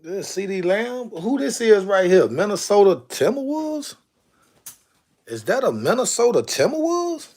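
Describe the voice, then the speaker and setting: A man's voice: high voice, sing-song, unhurried, darkish tone. A man chatting casually on a live stream, exclaiming to himself as he goes through jerseys. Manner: drawling, exclaiming to himself while sorting jerseys.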